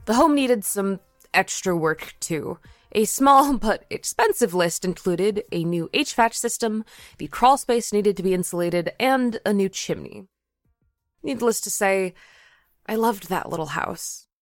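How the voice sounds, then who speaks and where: A woman's voice: mid-range voice, animated, a little slow, dry recording, studio quality, soft background music. A young woman from Florida narrating a first-person story in a wry, conversational way. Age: young adult.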